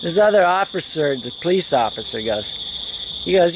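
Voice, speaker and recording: A man tells a rambling story outdoors with a lively, bouncing delivery, jumping into other people's voices as he goes. His voice sits a little high for a man. Faint crickets and insects chirp behind him. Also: normal speed, noisy background. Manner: rambling, animated, swearing, acts out others' lines. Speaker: vlogger telling a travel story. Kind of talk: casual storytelling.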